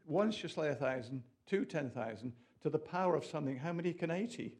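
A man preaching a lively, jokey sermon, with asides to his audience. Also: on the high side, fairly quick, gravelly. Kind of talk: lively sermon to a small group.

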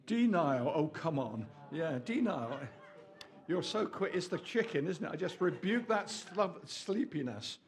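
A man preaching a lively, jokey sermon, with asides to his audience. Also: high voice, moderate pace, few pauses. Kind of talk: lively sermon to a small group.

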